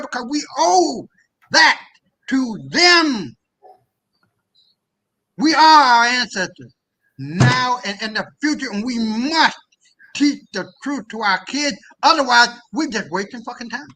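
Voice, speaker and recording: A man from the United States delivers a fiery, impassioned rant, swearing freely and pushing his voice up toward a shout. His voice sits high for a man. It has a bright, sharp edge. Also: expressive, a little slow, poor audio. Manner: impassioned, profane, often raising his voice to near shouting. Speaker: guest on a discussion call. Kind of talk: heated ranting talk.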